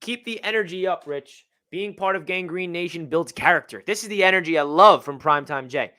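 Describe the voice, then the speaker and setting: Bright-voiced young man ranting on a fan stream. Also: sits high, fairly quick. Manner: emotional, reads out donor messages, swings between gloomy and fired-up. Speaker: livestream host. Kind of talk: live fan reaction stream.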